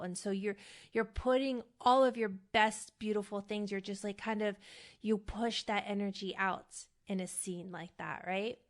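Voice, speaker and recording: A woman with a medium-pitched, steady voice coaches actors in a casual teaching monologue, speaking unhurriedly. An acting coach and podcast host, she is conversational and emphatic, often checking in with "right?".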